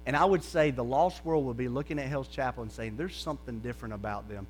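A man preaching a conversational sermon to a congregation, often checking in with "okay?" and sometimes dropping to a soft, low voice. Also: fast talker, a little hiss or hum. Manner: drops to a soft, low voice for stretches.

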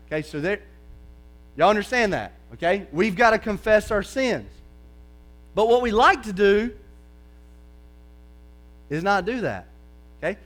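A man preaching a conversational sermon to a congregation, often checking in with "okay?" and sometimes dropping to a soft, low voice. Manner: drops to a soft, low voice for stretches.

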